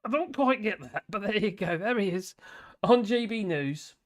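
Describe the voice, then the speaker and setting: A man's voice: high-pitched, lively intonation, normal speed. A man hosting a live stream, chatting casually with a rambling, chuckling, sarcastic manner.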